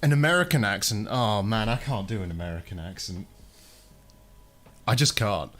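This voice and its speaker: A man's voice: lowish voice, normal speed, pauses often, fairly bright tone. Chatty British man muttering while working. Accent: regional British. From United Kingdom. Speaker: streamer doing console repairs. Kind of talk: casual live-stream chat.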